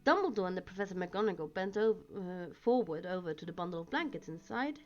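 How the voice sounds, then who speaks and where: A woman reading a novel aloud in an expressive way, with small slips, on a dull lo-fi recording with faint music. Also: lowish voice, quick pace. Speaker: reader.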